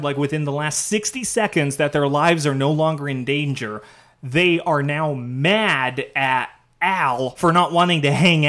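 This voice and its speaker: Podcast co-host: male, higher voice, lively rambling recap, casual chat. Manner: animated, rambling retelling with many fillers.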